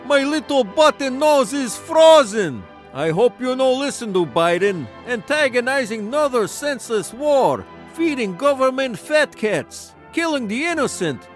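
A man's voice: extremely high pitch, fairly bright tone, full character voice. An actor playing a burly, boastful Russian man with a Russian accent in a comedic radio promo, speaking in swaggering broken English. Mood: earnest. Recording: faint music bed.

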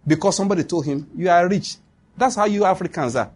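A pastor with a high-pitched, husky, darkish voice preaches at a quick pace. His sermon is built on emphatic, repetitive declarations with bursts of laughter, and the congregation in the church answers back.

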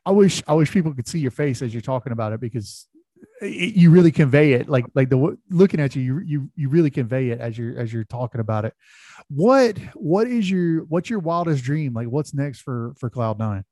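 A man's voice: mid-range voice, lively intonation, fairly quick, mellow, no echo. Enthusiastic man host, dry sound. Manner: enthusiastic, praising, stumbles and repeats words. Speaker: podcast host. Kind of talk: podcast interview.

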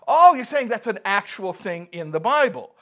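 Animated man telling jokes to a crowd. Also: sits high, normal speed. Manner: animated joke-telling, acts out characters. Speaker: speaker giving a talk. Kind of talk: live talk telling jokes to an audience.

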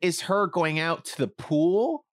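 Podcast co-host, male, fairly high voice, lively swings in pitch, dry close mic. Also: slow pace, no echo. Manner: animated, rambling, swearing, acts out quoted lines. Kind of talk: casual podcast chat.

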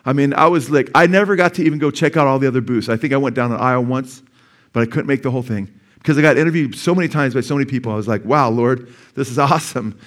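A man's voice: medium pitch, rapid-fire. A middle-aged male pastor preaching a sermon in a church, talking conversationally and asking the congregation questions.

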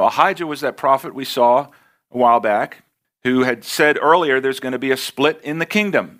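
An American man delivers a sermon in a mid-pitched voice, pushing up for emphasis and easing into slow, careful readings of scripture. His delivery is animated and earnest. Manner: expressive preaching, rising for emphasis, slowing on scripture. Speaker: pastor.

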